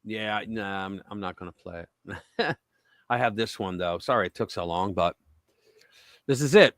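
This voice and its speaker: A man's voice: lowish voice, measured pace, pauses often, no echo. A man hosting a live political commentary stream, talking casually with sarcastic, mocking asides. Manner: animated and sarcastic, mocking voices. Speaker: host.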